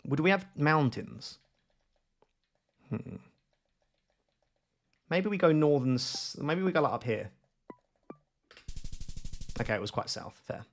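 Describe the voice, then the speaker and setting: A man's voice: fairly high pitch, animated, takes it slowly, creaky, long pauses. A young man streaming live, rambling and thinking aloud with lots of fillers and self-mocking asides as he guesses places on a map. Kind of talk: casual live-stream commentary while playing a map guessing game.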